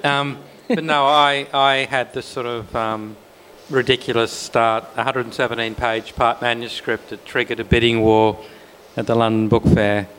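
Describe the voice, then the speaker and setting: A man's voice: mid-range voice, level tone, normal speed, hardly any pauses, fairly bright tone. A man, an author on a panel, telling a wry, self-deprecating story with laughs. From Australia. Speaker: author guest.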